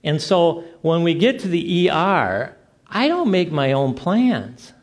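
Man preaching, middle-aged, slightly high voice, lively storytelling with acted-out dialogue. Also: slow. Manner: animated storytelling, acts out dialogue. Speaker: pastor. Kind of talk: sermon.

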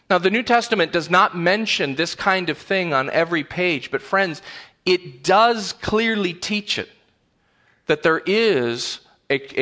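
Male pastor, sermon delivery, slightly high and bright, emphatic, repeats words for stress. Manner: earnest, emphatic, repeats words while building a point. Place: church sanctuary.

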